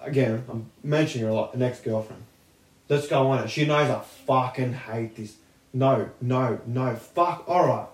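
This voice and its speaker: A man's voice: medium pitch, moderate pace, far from the mic. A young man telling a rambling, sweary story as a podcast host. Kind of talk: casual chat. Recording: roomy and off-mic.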